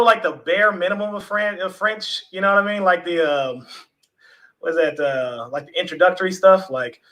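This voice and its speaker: A relaxed, chatty man hosts a livestream from home over a video call. His voice sits a little high, and he talks loosely to his viewers, dropping the odd swear word. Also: poor audio. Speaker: livestream host. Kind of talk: casual livestream chat.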